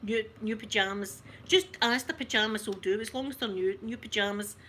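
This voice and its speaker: A Scottish woman telling a funny family story on her livestream, chatty and animated, often breaking into laughter. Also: mid-range voice, a little fast, slight background noise. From Scotland. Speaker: ASMR livestream host.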